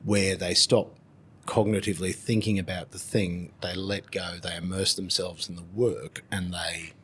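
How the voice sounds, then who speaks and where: A man, hosting a podcast in casual conversation, animated and swearing freely. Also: low-pitched, normal speed, a little hiss or hum. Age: 50s. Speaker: podcast host.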